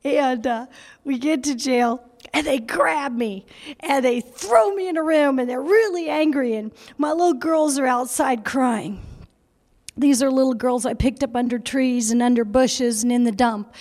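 High-voiced woman preaching in a hall. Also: measured pace. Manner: lively storytelling, laughing often, acting out quoted voices. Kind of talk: sermon storytelling. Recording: long hall reverb.

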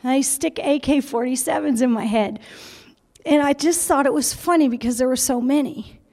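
High-voiced woman preaching in a hall. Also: normal speed. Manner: lively storytelling, laughing often, acting out quoted voices. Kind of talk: sermon storytelling. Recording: long hall reverb.

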